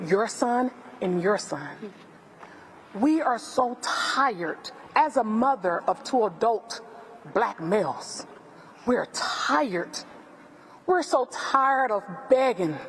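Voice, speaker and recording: A woman's voice: fairly high pitch, a little hiss or hum. Emphatic Southern woman with hall reverb. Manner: emphatic, repeats phrases for effect. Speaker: family friend speaking at press conference. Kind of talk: impassioned public speech.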